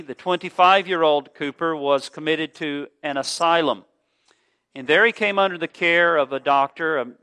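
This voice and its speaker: A man preaching a sermon, telling a story in an earnest, measured way with small filler pauses. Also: a little high, pushed and bright.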